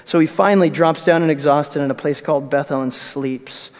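Male preacher, vivid storytelling sermon, slightly high voice, long hall reverb. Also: fairly quick. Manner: vivid, animated retelling with asides.

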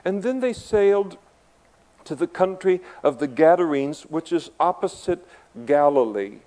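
Male pastor, mellow tone, emphatic sermon delivery with chatty asides. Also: on the high side, lively intonation, measured pace, low-quality recording. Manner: emphatic, conversational asides, swings between quiet and loud.

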